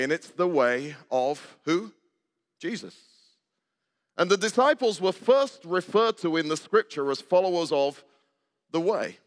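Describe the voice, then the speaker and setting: Older male preacher, chatty sermon style, quizzes the pews, slightly high voice, long church reverb. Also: a bit bright. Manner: conversational, asks the congregation questions and jokes. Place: church sanctuary.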